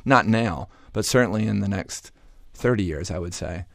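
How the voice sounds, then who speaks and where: A man's voice: fairly low pitch, normal speed, gravelly, fairly bright tone, dry recording, studio quality. A man from Atlanta, a neuroscientist guest on a radio talk show, explaining in a thoughtful way with many ums and restarts. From Atlanta, US South. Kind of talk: radio interview, conversational explaining.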